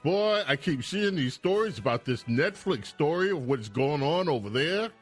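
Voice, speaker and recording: A male radio host with a lively, up-and-down voice chats casually and drops dry jokes. Faint music plays under him. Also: on the high side, moderate pace. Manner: lively, dry joking asides. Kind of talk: casual talk radio chat.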